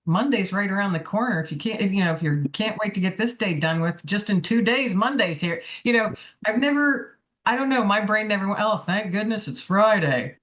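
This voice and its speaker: A woman's voice: mid-range voice, a little fast, a bit bright, lo-fi sound. A woman hosting a podcast, chatting casually with her guest. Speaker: podcast host. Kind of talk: casual chat.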